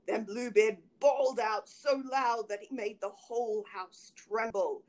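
A woman narrating an old fairy tale in an expressive, dramatic reading. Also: a little high, measured pace, few pauses. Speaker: reader. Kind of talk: storybook narration.

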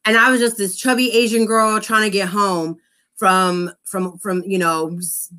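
Woman from the Los Angeles area, bright tone, slangy casual talker. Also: fairly even intonation, a little slow. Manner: slangy, drops low and mutters asides, reacts with gasps. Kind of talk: casual chat.

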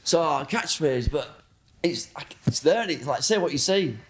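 A man's voice: a little high, lively intonation, normal speed. A man from Blackburn, telling rambling, sweary stories as a guest in a casual interview. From Blackburn, England. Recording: roomy echo.

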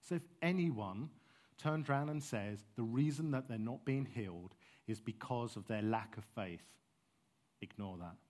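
A man's voice: mid-range voice, moderate pace, darkish tone. A man preaching a sermon in a passionate, conversational way, with frank asides to his listeners.

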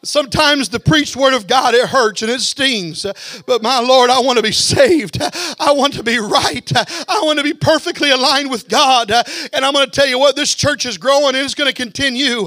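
A man preaching a fervent sermon as pastor, building to shouts and then dropping low. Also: normal speed, no room sound, clean studio sound.

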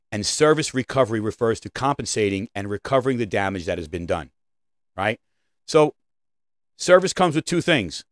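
Medium-pitched and recorded without echo, a man hosts a podcast in a casual, animated rant. He keeps asking "right?" again and again and swears from time to time.

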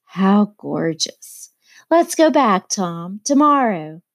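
Gushy charming young society girl, airy and lilting up high, read by a woman. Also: very animated, unhurried, a little mellow, exaggerated voice. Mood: gushing.

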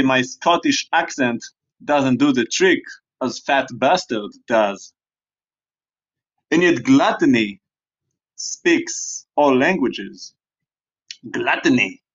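A man with a high voice rambles playfully through a comic, sermon-style monologue. He keeps drifting into joking asides. The recording sounds dull and lo-fi. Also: a bit bright. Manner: rambling and playful, slips into joke accents. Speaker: podcast host.

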